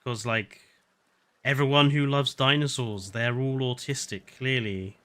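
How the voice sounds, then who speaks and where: A man's voice: medium pitch, fairly even intonation, measured pace, fairly bright tone. A man chatting casually and sarcastically while live-streaming a game, often laughing.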